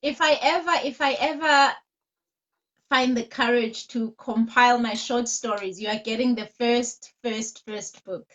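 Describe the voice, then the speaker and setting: Slow-talking woman host on a video call. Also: on the high side, steady tone. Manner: warm, encouraging praise. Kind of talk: online interview chat. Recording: dull lo-fi call audio.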